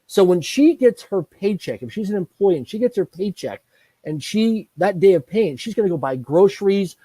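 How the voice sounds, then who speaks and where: Middle-aged male business trainer, interview guest, lively storyteller; slightly higher, warm tone, dry close sound. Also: moderate pace, breathy edge, no echo. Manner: energetic, repetitive lists, acts out dialogue.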